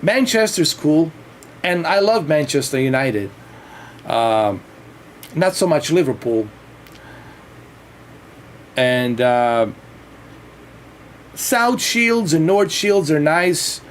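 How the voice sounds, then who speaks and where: A man's voice: fairly high pitch, expressive, takes it slowly, long pauses, a little hiss or hum. A man chatting casually on a livestream, rambling and swearing freely. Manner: rambling and profane, with frequent restarts and laughs.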